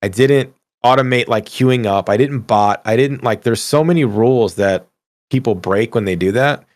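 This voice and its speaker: A middle-aged man co-hosting a casual gaming podcast, ranting in an animated way and swearing freely. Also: mid-range voice, normal speed, dry recording. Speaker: podcast co-host.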